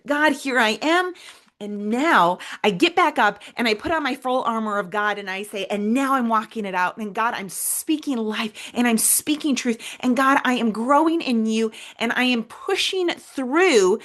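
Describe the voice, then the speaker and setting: A woman with a fairly high voice hosts a faith-based motivational podcast. She speaks earnestly and with emphasis, addressing her listeners directly. At times she sinks to a soft hush as she acts out a quiet prayer. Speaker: podcast host.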